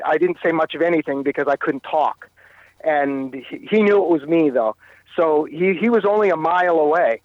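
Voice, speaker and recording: Halting man telling a harrowing story. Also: fairly high pitch, dry recording, lo-fi sound. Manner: halting, repeats words while recounting. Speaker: interview guest. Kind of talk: telling a personal story in conversation.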